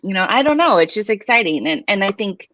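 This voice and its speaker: A woman's voice: mid-range voice, very animated, brisk, a bit bright, lo-fi sound. A woman co-hosting a casual podcast chat, rambling and chatty with many fillers, heard over a live stream call. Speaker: podcast co-host. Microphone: live stream video call.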